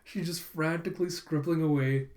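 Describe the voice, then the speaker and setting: A man's voice: a little high, fairly even intonation, moderate pace, a little mellow. Laughing man retelling a comic. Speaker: streamer reading a comic. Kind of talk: casual read-along commentary.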